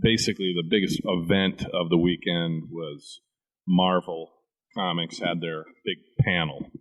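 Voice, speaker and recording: Easygoing guest co-host with a deep low voice, chatty and explanatory. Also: male voice, fairly even intonation, unhurried. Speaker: comic shop owner, guest co-host. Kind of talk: casual chat.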